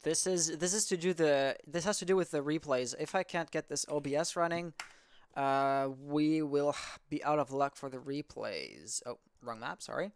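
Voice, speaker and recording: A man's voice: fairly high pitch, normal speed, clear, resonant tone, dry recording. A man casting an amateur esports match in a casual, rambling way, often correcting himself mid-sentence. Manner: rambling, self-correcting, chatty. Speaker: esports caster. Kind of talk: casual game commentary.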